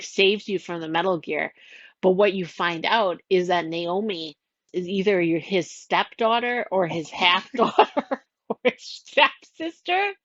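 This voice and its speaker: A woman's voice: mid-range voice, a bit bright, no room sound, muffled recording. A woman casually retelling a game's plot, rambling and giggly, full of "like" and little voices for the characters. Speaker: storyteller recounting a game plot.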